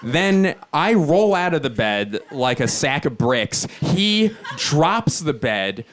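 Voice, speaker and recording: A man in his thirties doing stand-up storytelling on a theater stage, animated and jumping into high squeaky voices. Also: slow pace, slight background noise. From Philadelphia, USA. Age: 30s. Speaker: stand-up comedian. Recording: loud audience laughter behind.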